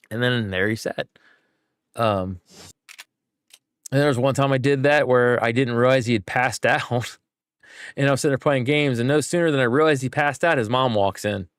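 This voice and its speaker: Young male streamer, chatty and animated, dry close mic. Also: mid-range voice, clean tone, no echo. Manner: chatty, animated, acts out voices in anecdotes. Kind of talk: casual livestream storytelling.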